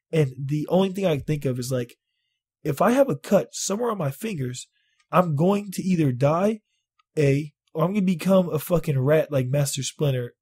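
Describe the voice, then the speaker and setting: A man vlogging, telling a story in casual, profane talk, animated and exaggerating. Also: fairly high pitch, breathy edge. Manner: animated, swears a lot, exaggerates.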